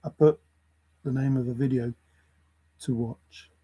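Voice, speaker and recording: A man's voice: medium pitch, steady tone, unhurried, warm tone, slightly rough, lo-fi sound. A man ranting to camera in a lecturing way, repeating his points for emphasis. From England. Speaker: vlogger. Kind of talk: opinion rant to camera.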